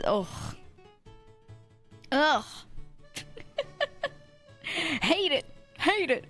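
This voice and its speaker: Young woman streamer, giggly and rambling, mid-range voice, soft music underneath. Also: medium pitch. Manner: rambling, laughs often, playful. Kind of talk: casual chat.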